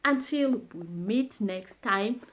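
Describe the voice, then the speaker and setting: Slow-paced woman teaching phrases. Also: on the high side, lively intonation. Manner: slow, repeats phrases for learners. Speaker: language teacher. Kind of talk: slow language lesson.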